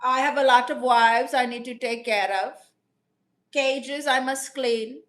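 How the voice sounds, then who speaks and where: A woman comedian plays a brash, self-assured customer-service rep who calls everyone "baby," improvising deadpan on a livestream. Her voice sits high, and she speaks at a measured pace.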